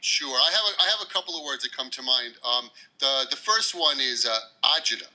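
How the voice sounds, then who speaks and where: Bright-toned New York man. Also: medium pitch, animated, rough recording. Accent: New York City. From New York City. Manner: friendly, explains slowly with examples. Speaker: English teacher guest. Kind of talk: casual interview.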